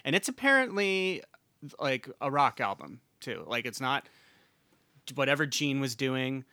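Podcast co-host, male, bright tone, dry close sound, loose and jokey. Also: mid-range voice, big pitch swings, a little slow, clear, resonant tone, dry recording. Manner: rambling, laughs often, swears casually. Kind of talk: casual podcast chat.

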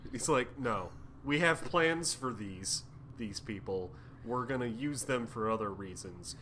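A man with a bright, forceful voice recaps a comic on a podcast. He drops into quick comic voices for the characters and swears freely. A faint hiss sits under the recording. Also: mid-range voice, animated. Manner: jokey, acts out characters' lines with crude humor. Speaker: podcast co-host. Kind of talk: casual chat recapping comics.

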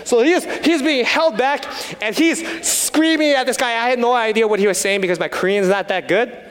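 A man's voice: very high voice, normal speed, fairly bright tone, clear, resonant tone, in a large hall. A man preaching a sermon, telling stories with humor and then turning earnest. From United States. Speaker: pastor.

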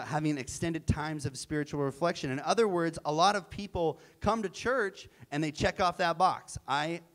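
Male pastor, higher-pitched, earnest sermon delivery. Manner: earnest, emphatic, with repeated phrases.

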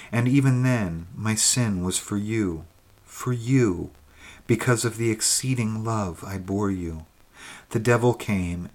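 Soft-spoken ghost woman, read by a man. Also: low voice. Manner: soft, intimate and pleading. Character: tender ghostly young woman, once burned as a witch.

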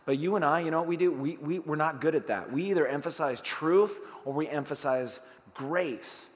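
A man preaching a sermon as pastor, talking conversationally, asking rhetorical questions and swinging between hushed lines and emphatic ones. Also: a little high, moderate pace, in a large hall.

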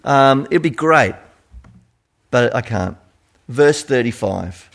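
A man with an Australian accent preaching a sermon in an animated, conversational storytelling manner. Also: medium pitch, takes it slowly, creaky.

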